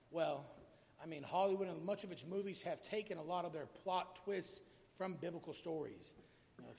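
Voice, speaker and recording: High gravelly guy preaching, chatty then builds up loud, long church reverb. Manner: conversational, rising to emphatic peaks. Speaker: pastor. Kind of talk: sermon.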